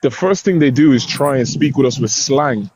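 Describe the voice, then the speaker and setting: A man from Ireland speaking as a guest in a live online debate, casual and measured. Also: mid-range voice, lively intonation, darkish tone, highs cut off, a little hiss or hum.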